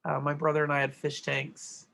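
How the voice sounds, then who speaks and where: A woman's voice: low-pitched, monotone, moderate pace, vocal fry, a bit bright, a little hiss or hum. A middle-aged woman teaching a grammar worksheet lesson, explaining step by step and checking in with "right?".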